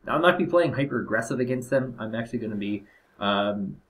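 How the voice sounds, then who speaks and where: A man's voice: medium pitch, expressive, fast, fairly bright tone. A young man casually commenting on his own strategy game playthrough, rambling and hesitant with lots of fillers. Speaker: gameplay commentator. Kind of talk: casual let's-play commentary.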